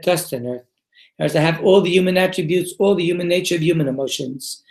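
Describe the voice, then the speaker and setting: A man's voice: a little high, brisk, a little mellow, echoey room. A man, a rabbi teaching a Torah class, who reads Hebrew text aloud, then explains it in English and asks his listeners questions. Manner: asks the group questions and answers them himself. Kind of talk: Torah class before a live group.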